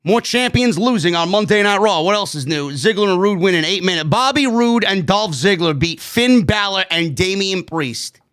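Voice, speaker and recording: A man's voice: sits high, lively intonation, normal speed, few pauses, a bit bright. A man reviewing a wrestling show on his own, blunt and sarcastic, swearing freely. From New York. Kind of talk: opinionated solo show review.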